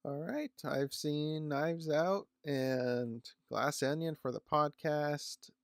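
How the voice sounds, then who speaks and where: A man's voice: on the high side, takes it slowly, creaky, dry recording, clean studio sound. A man co-hosting a film podcast, chatting casually in brief, matter-of-fact remarks. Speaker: podcast co-host. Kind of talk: casual chat.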